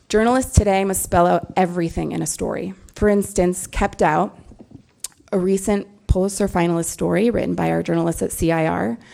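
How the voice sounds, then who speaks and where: A woman giving an earnest, measured conference talk as a newsroom lawyer, stressing key words. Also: lowish voice, creaky, dark tone. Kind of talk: prepared conference speech.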